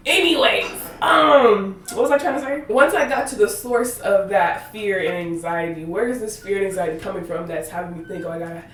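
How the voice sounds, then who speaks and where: A woman's voice: medium pitch, fairly quick, few pauses, far from the mic. A woman in her twenties hosting a faith podcast, rambling and laughing through tangents, close to tears. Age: 20s. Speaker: podcast host. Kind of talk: casual faith podcast monologue. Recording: roomy echo, voice slightly off-mic.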